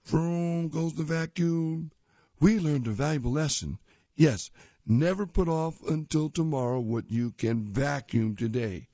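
A man's voice: a little high, measured pace, dark tone, no echo, muffled recording. A man reading children's comic strips aloud in a playful, jokey way, doing voices for the characters.

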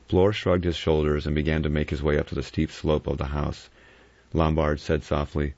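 A male narrator reads a novel aloud in a measured, even way. His voice is extremely deep and gravelly, and the recording is dry and dull. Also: no room sound. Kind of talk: audiobook narration.

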